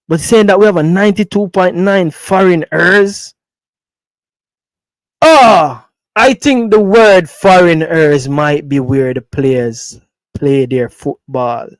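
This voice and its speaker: Animated Jamaican man hosting football talk. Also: on the high side, no room sound, poor audio. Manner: animated, playful, talks to viewers as "people". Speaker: football show host. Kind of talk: casual commentary to camera.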